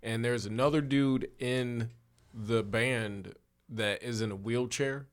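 A Chicago man in a casual podcast chat, spinning a long story full of swearing and filler words. His voice sits at a middle pitch, and he laughs through his own telling. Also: fairly even intonation, slow pace. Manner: rambling, profane, laughs while telling. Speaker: comedian podcast co-host.

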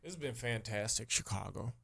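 A man's voice: mid-range voice, lively intonation, fairly quick, creaky, fairly bright tone, slightly rough, dry recording, clean studio sound. A man who is a comedian co-hosting a podcast, chatting casually with loose, joking asides. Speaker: comedian co-host.

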